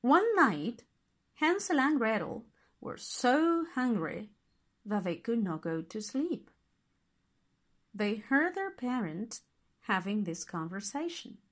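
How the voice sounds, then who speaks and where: Woman, storybook narration, slow pace, lively melodic pitch, slightly high voice. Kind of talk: storybook reading.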